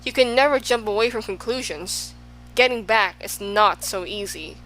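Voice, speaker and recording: A woman voicing an excitable, fickle man who swings between extremes, in an audiobook. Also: medium pitch, normal speed, natural voice, poor audio. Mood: rueful. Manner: exclaiming, swinging between moods.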